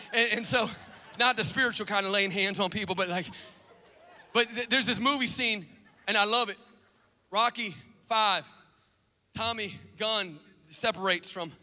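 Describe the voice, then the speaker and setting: A middle-aged man preaching a lively sermon, telling stories animatedly and acting out scenes. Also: high voice. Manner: animated storytelling, acts out movie scenes. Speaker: pastor. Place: church sanctuary. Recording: long reverb of a large church hall.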